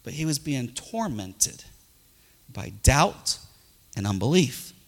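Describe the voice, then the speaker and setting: A middle-aged male pastor preaching a folksy, animated sermon full of personal stories. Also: mid-range voice, takes it slowly, long reverb tail.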